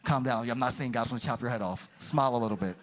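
A pastor preaching a sermon to his congregation, animated and calling out for response. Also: medium pitch, quick pace, slight background noise. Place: church sanctuary.

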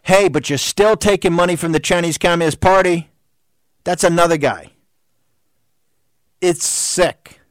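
A man's voice: high-pitched, a little slow, pauses often, no room sound. A man hosting a talk show, delivering a heated, combative political rant full of repeated rhetorical questions. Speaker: show host.

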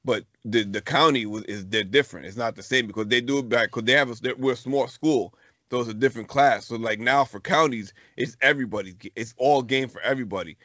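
A man's voice: medium pitch, quick pace, fairly bright tone, no room sound. A middle-aged man co-hosting a podcast, chatting casually and telling a story in slangy speech full of restarts. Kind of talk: casual chat. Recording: dull lo-fi podcast recording.

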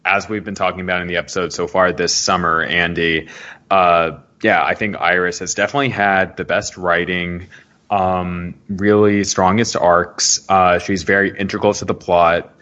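A man co-hosting a casual podcast, giving measured opinions and laughing easily. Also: low-pitched, fairly even intonation, pushed and bright, muffled recording. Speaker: podcast co-host.

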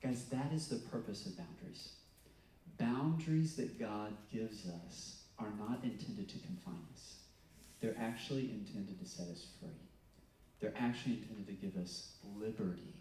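A man's voice: lowish voice, expressive, moderate pace, warm tone. Preacher man in an echoey hall. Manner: conversational, storytelling with self-corrections and fillers. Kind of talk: sermon. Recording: echoey room, mic at a distance.

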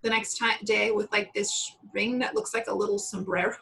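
A woman's voice: mid-range voice, a little fast, creaky, a little hiss or hum, poor audio. A woman in her thirties co-hosting a podcast in casual chat, laughing often and acting out what people said. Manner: chatty, laughs often, quotes people in animated voices. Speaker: podcast co-host.

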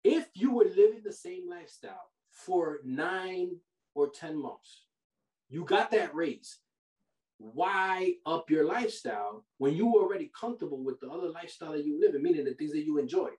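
A man's voice: on the high side, normal speed, distant mic. Preachy, slangy man in a roomy space. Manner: animated and preachy, slangy with frequent "bro" and "yo". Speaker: podcast host. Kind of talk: casual money-advice chat. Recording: roomy sound from off the mic.

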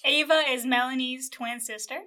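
High bright giggly young woman. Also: steady tone, normal speed. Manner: giggly, joking, reads out a character list. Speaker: podcast co-host. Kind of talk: casual chat.

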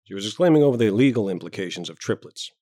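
A man narrating a story in a measured, even way. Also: fairly low pitch, no echo, studio quality.

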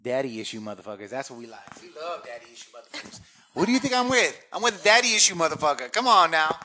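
A man co-hosting a podcast, chatting casually and telling stories in a loud, joking, profane way. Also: on the high side, very animated, quick pace. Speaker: podcast co-host. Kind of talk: casual crude chat.

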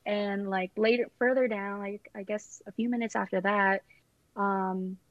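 A woman's voice: medium pitch, fairly even intonation, a little slow, no room sound. A young woman chatting casually and rambling through her engagement story, with lots of fillers and giggles. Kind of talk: casual chat. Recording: dull lo-fi sound.

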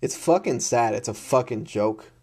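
A man's voice: medium pitch, animated, moderate pace, warm tone, husky. A man in an unscripted rant to camera, blunt and exasperated, swearing often and repeating himself. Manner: blunt, heavy swearing, repetitive; frustrated and exasperated.

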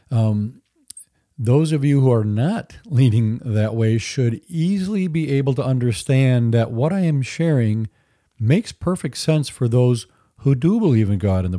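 A man's voice: medium pitch, mellow, no room sound. A man hosting a solo Christian teaching podcast, talking earnestly in a conversational way with dry asides. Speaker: podcast host.

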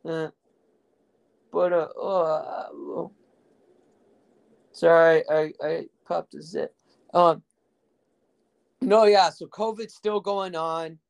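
A man's voice: a little high, fairly even intonation, drawn-out words, creaky, long pauses. A young man from South Texas hosting a casual podcast, telling crude, rambling stories full of fillers and jokes. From Rio Grande Valley, Texas. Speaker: podcast host.

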